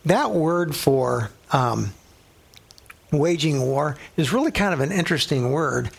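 A man's voice: fairly high pitch, lively intonation, unhurried, vocal fry, breathy edge. A man teaching a Bible study in an earnest, conversational way, dropping to a whisper to stress a point.

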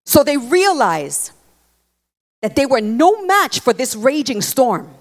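A woman preaching a sermon, expressive and emphatic, leaning into repeated phrases. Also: high-pitched, takes it slowly. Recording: long hall reverb.

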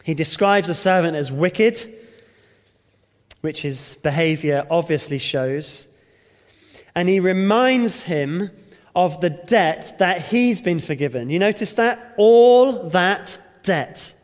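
Male preacher, high-pitched voice, expository sermon with rhetorical questions, hall reverb. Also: expressive, slow.

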